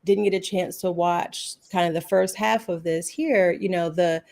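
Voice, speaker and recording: A woman speaks in a fairly low, gravelly voice, offering earnest, reassuring spiritual guidance. She talks freely, restarting her sentences now and then. The sound comes through a remote call. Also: fairly even intonation, moderate pace, a little mellow. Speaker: guest healing practitioner. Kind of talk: spiritual advice talk.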